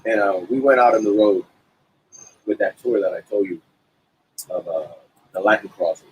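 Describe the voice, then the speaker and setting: A man's voice: on the low side, normal speed, a little hiss or hum, poor audio. A middle-aged man, a musician, telling stories in a casual interview at a cafe and acting out the quotes of the people in them. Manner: animated anecdotes with acted-out quotes. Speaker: musician guest.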